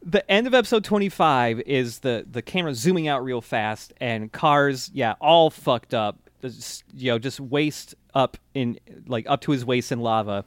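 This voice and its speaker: A man's voice: medium pitch, normal speed, hardly any pauses, no echo, clean studio sound. A man co-hosting a podcast, recapping an anime episode in casual, rambling chat, laughing and swearing freely. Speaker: podcast co-host.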